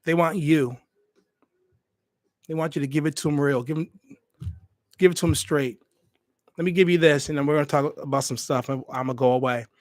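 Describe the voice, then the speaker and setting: A man's voice: on the high side, dry recording, clean studio sound. A man hosting a livestream for his hospitality channel, talking straight to his viewers in an emphatic way and repeating phrases for weight. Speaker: host of a hospitality YouTube channel. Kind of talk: casual livestream talk to viewers. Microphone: USB desk microphone.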